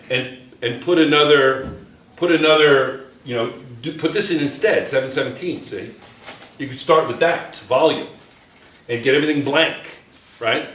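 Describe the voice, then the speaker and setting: A man's voice: medium pitch, fairly bright tone. A male chemistry teacher lecturing a class, chatty and joking, checking in with his students all the time. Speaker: high school chemistry teacher. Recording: echoey classroom.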